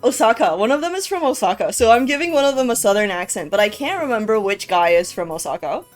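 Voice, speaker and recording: Young woman streamer, chatty and joking, slightly high voice, soft music behind. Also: expressive, fast talker. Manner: chatty, joking, slangy, laughs often. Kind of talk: casual let's-play commentary, reading a visual novel aloud.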